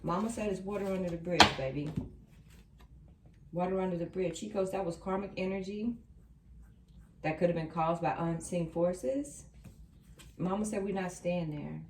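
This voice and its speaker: With a fairly low, darkish voice at normal speed, this tarot reader leaves long pauses as she reassures viewers and emphatically repeats key lines. The distant mic sounds roomy, and there's a little hiss or hum.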